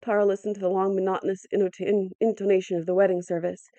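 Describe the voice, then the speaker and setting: A woman's voice: mid-range voice, little pitch movement, dark tone, dry recording. Woman reading an adventure audiobook. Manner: measured, dramatic storytelling. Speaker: audiobook narrator.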